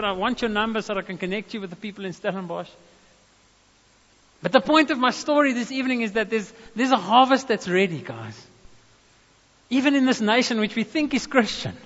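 A South African man preaching in a high, bright voice, breaking into stories and tossing in casual asides and calls of amen. His words ring through a long reverb, and the sound is a little dull. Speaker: pastor. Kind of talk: sermon.

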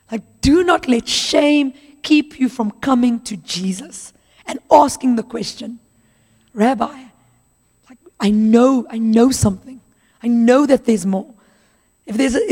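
A fairly high-voiced woman preaches in a casual, storytelling way, slipping into the voices of the people in the Bible passage. Her voice rings out with a long hall reverb around it. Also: darkish tone. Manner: conversational, acts out Bible dialogue in voices. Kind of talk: sermon.

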